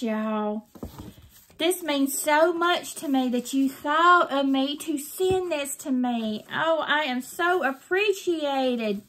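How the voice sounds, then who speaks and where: A woman's voice: high voice, lively intonation, slow pace, fairly bright tone. An older woman, chatting effusively to her viewers while opening mail in a casual vlog. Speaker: craft vlogger.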